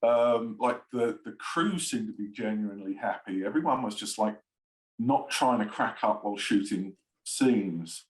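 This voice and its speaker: A man's voice: lowish voice, measured pace, roomy sound, low-quality recording. A man, a screenwriter and producer, chatting in an interview, rambling with lots of fillers and frequent laughs. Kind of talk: casual interview chat.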